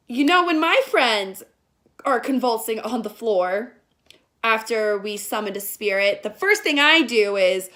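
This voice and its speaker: A young woman in her twenties giving a sarcastic, profane comedic movie review, often mocking the characters in shrill voices. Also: expressive, a little slow, bright, forceful tone. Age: young adult.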